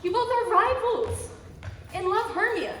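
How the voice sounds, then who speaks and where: A young woman acting a hurt, indignant young woman who scolds her mockers in verse, with a high voice. The hall gives it a long, echoing reverb. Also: animated, a little slow, fairly bright tone, heavily acted. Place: school auditorium stage.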